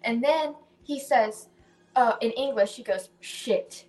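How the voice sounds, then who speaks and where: A woman's voice: on the high side, measured pace, soft background music. A woman co-hosting a casual chat, telling stories with lots of laughter and swearing. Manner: animated storytelling, laughing often, swearing. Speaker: co-host.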